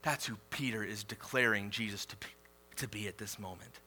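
A male pastor preaching a sermon, reading scripture slowly and swelling loud on key declarations before dropping quiet. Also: fairly low pitch. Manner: reads scripture slowly and deliberately.

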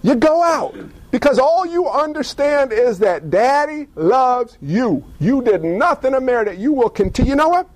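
High-voiced, animated man preaching. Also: normal speed, no echo. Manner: animated, acts out little dialogues, casual slang. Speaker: pastor. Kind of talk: sermon.

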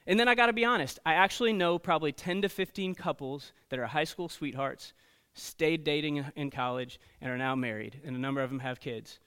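A man preaching to teenagers as a youth pastor, telling stories in an animated way and checking in often with "okay?" and "right?". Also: on the high side, a little fast, few pauses, clean tone. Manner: storytelling, animated, frequent "okay?" and "right?" asides. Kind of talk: sermon to teenagers.

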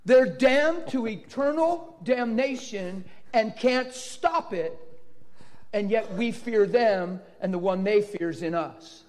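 A man delivers a fervent sermon testimony in a high, wildly swinging voice. He tells his story with sudden loud bursts, and his words ring out with the long reverb of a large hall. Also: expressive, slow pace. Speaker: preacher.

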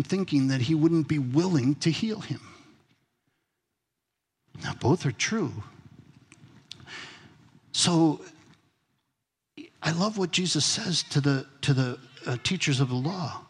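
A man's voice: fairly high pitch, animated, slow pace, pauses often, husky, long reverb tail. A man preaching a sermon as pastor, in a conversational way, asking his congregation questions. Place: church sanctuary.

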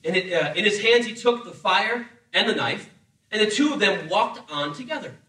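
A high, bright-voiced man preaching a sermon, lively and humorous, slipping into acted voices as he tells the story. He sounds a little off the mic, and the room around him echoes. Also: moderate pace, recorded from a distance. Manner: animated, acts out voices with humor. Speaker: pastor.

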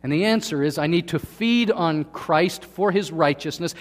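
A man's voice: a little high, moderate pace, few pauses. Man preaching in a reverberant hall. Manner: asks the congregation questions, swings between soft and loud. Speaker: pastor. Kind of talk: sermon. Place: church hall.

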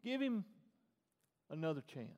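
A man with a high voice preaches to his congregation, sliding between soft, hushed lines and loud, fervent bursts. The sound carries a long church-hall reverb. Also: sing-song, unhurried, lo-fi sound. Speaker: pastor. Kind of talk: sermon.

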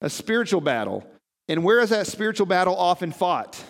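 Male pastor, light high voice, chatty sermon full of questions to the room, echoing sanctuary. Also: sing-song, a little fast. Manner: conversational, asks the congregation questions. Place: church sanctuary. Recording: reverberant hall.

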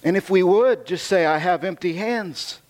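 Man preaching in a higher voice. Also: moderate pace. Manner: conversational preaching with scripture reading, repeats himself for emphasis. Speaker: pastor. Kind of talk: sermon.

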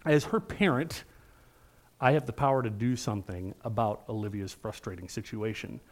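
A man's voice: on the low side, moderate pace. Man preaching, middle-aged, earnest, conversational, asks the room questions. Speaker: pastor. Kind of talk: sermon.

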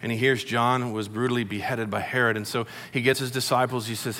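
A man's voice: mid-range voice, fairly even intonation, a little fast, few pauses, sharp tone. A middle-aged man preaching a sermon in a conversational, storytelling way, acting out quotes. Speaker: pastor. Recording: long hall reverb.

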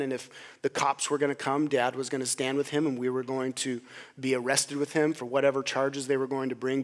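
A middle-aged male pastor preaching a sermon, telling a story and acting out the voices of the people in it before building to emphatic preaching. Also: mid-range voice.

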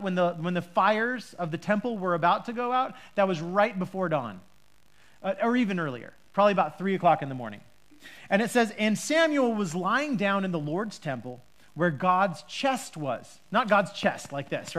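A woman preacher teaching a Bible passage in a lively, chatty way, with frequent restarts and rhetorical questions. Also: on the low side.

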